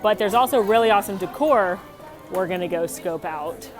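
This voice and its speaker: A woman's voice: medium pitch, moderate pace, music in the background. A young woman hosting a chatty, upbeat theme park tour vlog outdoors, full of trivia. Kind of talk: casual walking tour vlog.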